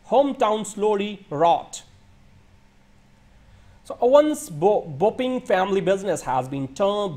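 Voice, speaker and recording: A man's voice: high voice, darkish tone. A man reading a film review aloud from a script, now and then stumbling and restarting a word. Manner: reads a written script with occasional stumbles and restarts.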